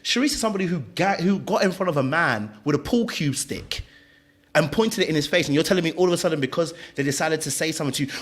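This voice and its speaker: A man's voice: a little high, fast talker. A man, co-hosting a podcast and arguing his take on a reality show emphatically, often repeating words. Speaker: podcast co-host. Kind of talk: heated reality-show reaction talk.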